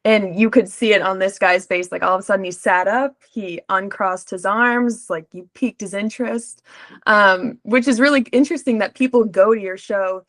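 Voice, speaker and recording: A woman's voice: medium pitch, normal speed, fairly bright tone. A woman hosting a podcast, chatting casually and sprinkling her speech with "like". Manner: chatty, peppered with "like". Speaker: podcast host. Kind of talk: casual interview chat.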